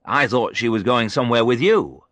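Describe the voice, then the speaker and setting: A man's voice: medium pitch, lively intonation, normal speed, a bit bright, dry recording, voice pushed up, lightly acted. A man voicing a puzzled, surprised male orchestra director who keeps asking what is going on. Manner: puzzled, questioning.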